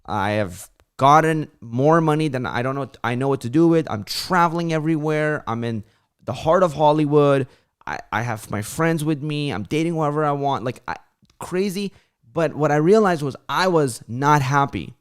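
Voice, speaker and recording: A man's voice: on the high side, animated, normal speed, clean tone. A young man hosting a casual livestream, talking loosely with lots of "like" fillers and acting out his friends' voices when he tells stories. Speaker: channel host on a livestream.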